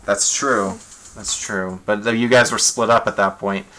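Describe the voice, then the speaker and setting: A man running a tabletop horror game live as game master, animated and quick with apologetic asides. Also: fairly low pitch, slight background noise, low-quality recording.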